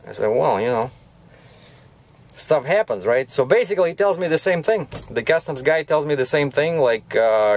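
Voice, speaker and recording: A man's voice: fairly high pitch, expressive, normal speed, darkish tone. A man who drives a truck, telling a rambling story from his cab in a casual vlog, full of restarts and "you know, right?".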